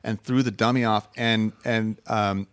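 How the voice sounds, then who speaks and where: A man co-hosting a casual conversation about classic films, telling stories with animated quoted asides. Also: lowish voice, unhurried. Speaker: podcast co-host. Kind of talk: casual film discussion.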